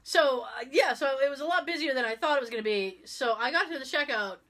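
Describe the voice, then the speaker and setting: A woman co-hosting a casual podcast, telling stories in an animated way and acting out the people she quotes. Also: high-pitched, quick pace, slight background noise. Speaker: podcast co-host. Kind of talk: casual chat, storytelling.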